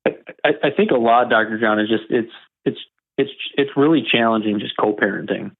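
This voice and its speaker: A man calling in to an advice show, speaking haltingly with many restarts. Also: medium pitch, creaky. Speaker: caller. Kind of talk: call-in conversation. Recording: tinny phone line.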